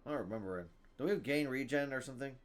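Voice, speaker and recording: A young man streaming a card game, casual and excitable, muttering to himself and then breaking into loud shouts. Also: medium pitch, rapid-fire. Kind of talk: casual gameplay commentary.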